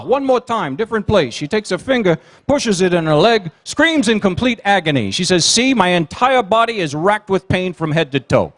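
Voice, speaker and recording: A man working as comedian and emcee at a banquet, telling quick one-liners and teasing the audience. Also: high-pitched, a bit bright. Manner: rapid one-liners with teasing crowd work. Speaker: comedian and emcee at a gala dinner. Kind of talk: stand-up joke routine. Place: banquet hall.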